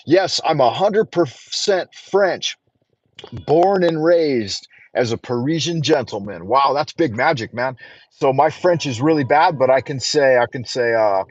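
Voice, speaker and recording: A man's voice: mid-range voice, expressive, measured pace. A man hosting a casual livestream from his car while driving, rambling, joking and swearing freely. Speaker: livestream host. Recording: dull, dry lo-fi sound.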